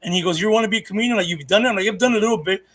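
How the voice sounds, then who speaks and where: A man's voice: sits high, very fast, fairly bright tone. A man, a comedian co-hosting a podcast, telling stories in casual chat, rambling and profane with lots of restarts.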